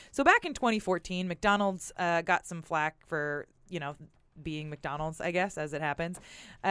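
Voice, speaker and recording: Chatty woman with a smooth voice. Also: low voice, fairly bright tone, no room sound. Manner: chatty, laughs often, quizzes the others. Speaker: podcast co-host. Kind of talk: casual group chat.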